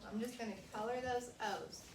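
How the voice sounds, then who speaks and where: Woman teacher, high voice, deliberate phonics drill, taped from across a noisy classroom. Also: steady tone. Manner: slow, deliberate sounding out of words. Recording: roomy classroom audio from a distance with noise.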